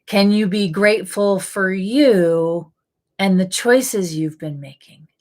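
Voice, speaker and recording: A woman's voice: medium pitch, slow pace, a little mellow. Coaxing woman life coach. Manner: coaxing, asks many rhetorical questions; casual, frequent "like" fillers. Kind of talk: live coaching session answering viewer questions.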